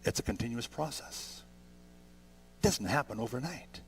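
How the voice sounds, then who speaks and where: A man in his sixties preaching a sermon, conversational and gentle, building to emphatic peaks. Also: mid-range voice, expressive, normal speed, slight background noise. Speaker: pastor.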